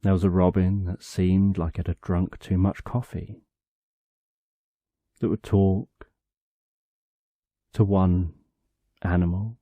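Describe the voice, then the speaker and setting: A man narrates a bedtime story for sleep in a calm, unhurried way, pausing at length between short phrases. His voice sits low and very dark, with an unhurried pace. The recording is dry and a little dull. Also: husky, no echo. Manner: calm, drawn out, short phrases with long pauses.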